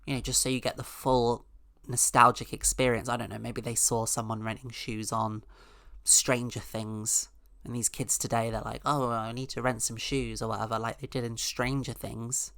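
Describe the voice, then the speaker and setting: A woman's voice: a bass voice, little pitch movement, normal speed, fairly bright tone, dry recording, clean studio sound. A woman hosting a podcast, telling a rambling, sarcastic comic story with mock-outraged asides. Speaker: podcast host. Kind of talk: casual comedic monologue.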